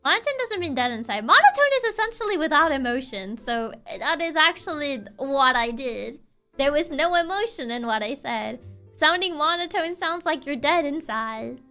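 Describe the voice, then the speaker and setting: A young woman streaming casually, soft-spoken and sassy, who laughs often while chatting with her viewers. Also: high-pitched. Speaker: VTuber streamer. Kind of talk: casual livestream chat, reading chat aloud.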